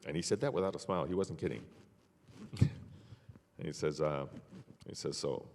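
An older man telling his life story as an interview guest, measured and unhurried, with frequent fillers and soft laughs. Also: rumbling low, gravelly, slight background noise. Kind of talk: personal testimony in conversation. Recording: long hall reverb.

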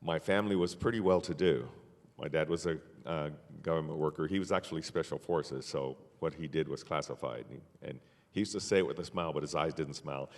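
An older man telling his life story as an interview guest, measured and unhurried, with frequent fillers and soft laughs. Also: a bass voice. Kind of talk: personal testimony in conversation. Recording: long hall reverb.

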